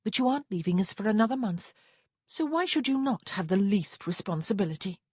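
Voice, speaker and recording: A sweet but chiding young sister in a storybook reading, as a woman narrator puts her on, her voice breathy and raised. She scolds in a quick, sugary tone with lively pitch. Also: no echo, clean studio sound.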